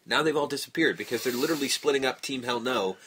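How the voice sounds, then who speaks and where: A man's voice: mid-range voice, fast, a bit bright, a little hiss or hum. A man co-hosting a podcast in casual chat, blunt, swearing freely and laughing often. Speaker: podcast co-host.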